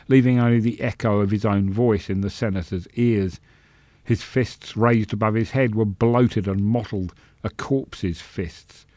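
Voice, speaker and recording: A man reading a fantasy story aloud in measured, expressive narration. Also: fairly low pitch, no room sound, clean studio sound. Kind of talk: scripted narration.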